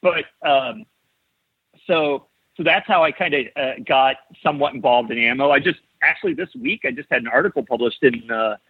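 A husky-voiced man from Ohio, in his forties, chats as a podcast guest over a tinny, phone-like line. His voice sounds dry and close. He tells his stories eagerly and restarts his sentences again and again. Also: medium pitch, normal speed, no room sound. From Ohio, USA. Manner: eager storytelling with frequent restarts. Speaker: podcast guest, model builder. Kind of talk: casual interview chat. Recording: tinny phone-like call audio.

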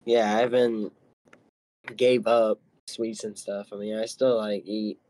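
A man's voice: on the low side, little pitch movement, measured pace, mellow. A young adult man as a podcast guest in casual chat, laid-back and a bit hesitant, with casual swearing.

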